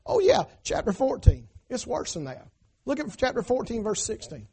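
Male pastor, high tenor for a man, emphatic call-and-response preaching. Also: wildly swooping pitch, normal speed, breathy edge. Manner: emphatic, swinging between loud cries and hushed asides, call-and-response. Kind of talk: sermon. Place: church.

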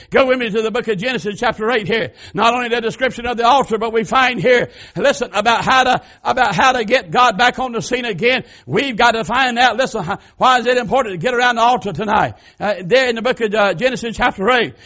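A man preaching with a strikingly high voice for a man. He swings from fervent shouted cries down to quiet, homespun asides to his congregation. His delivery has the rhythm of an old-time revival sermon. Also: fast, hardly any pauses. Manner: fervent, rising to shouted cries then dropping to soft folksy asides.

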